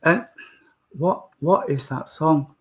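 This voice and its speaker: Gentle man giving a mediumship reading. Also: on the high side, slow pace. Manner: gentle, calls people sweetheart and darling.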